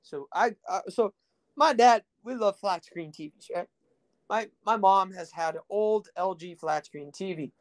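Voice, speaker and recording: This young man from Texas's Rio Grande Valley has a high voice and takes his time as he rambles through stories. Hosting a laid-back storytelling podcast, he keeps it crude and joking, stuffed with fillers.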